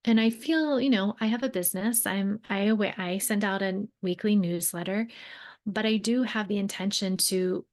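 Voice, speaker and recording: A woman's voice: mid-range voice, normal speed. A young adult woman hosting a solo podcast, speaking earnestly and conversationally, often rephrasing herself and using fillers as she talks. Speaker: podcast host and mentor. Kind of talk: reflective solo podcast talk.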